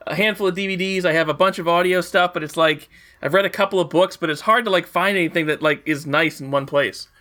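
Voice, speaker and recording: Male host, bright higher voice, eager and agreeable. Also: fast. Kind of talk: casual interview chat.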